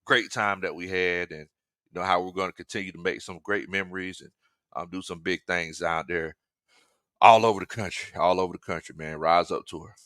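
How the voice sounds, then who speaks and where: A man's voice: low-pitched, steady tone, a little fast, a bit bright, no echo, clean studio sound. A man hosting a casual sports talk stream, joking, laughing often and reading fan comments. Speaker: sports talk show host.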